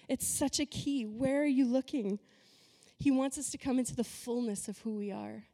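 A woman's voice: a little high, moderate pace, warm tone, big-room sound. A woman pastor giving a conversational, emphatic sermon full of rhetorical questions.

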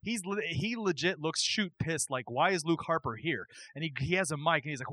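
A man's voice: on the high side, animated, a little fast, few pauses, bright, forceful tone, dry recording. A man hosting a casual podcast chat who tells a story with energy, acts out the quotes and laughs often. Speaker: podcast host. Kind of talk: excited wrestling storytelling chat.

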